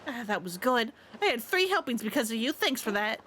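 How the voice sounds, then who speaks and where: A woman's voice: fairly high pitch, big pitch swings, fairly quick, fairly bright tone, a little hiss or hum. A woman voicing a haughty, boastful young female rival idol in a snide, bossy way, reading game dialogue aloud on a stream. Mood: indignant.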